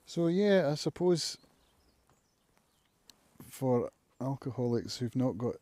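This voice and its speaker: This recovering alcoholic channel host speaks from home in an easygoing live-stream monologue, thinking out loud and frequently stopping to find the right words. His tone is mellow, warm and mid-range. The close recording is dry, with no echo.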